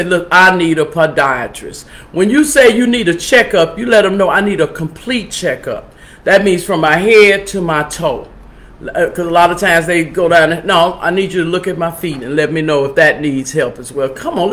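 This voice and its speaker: Earnest woman pastor giving health advice. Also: fairly low pitch. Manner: earnest, reads advice aloud and urges viewers. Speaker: pastor and health show host. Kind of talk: casual live-streamed health talk.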